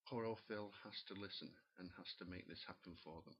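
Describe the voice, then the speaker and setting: A man's voice: low voice, a little fast, hardly any pauses, breathy edge. A man doing a stand-up comedy rant, sneering and exasperated, swearing freely. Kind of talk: profane comic rant. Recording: muffled lo-fi recording.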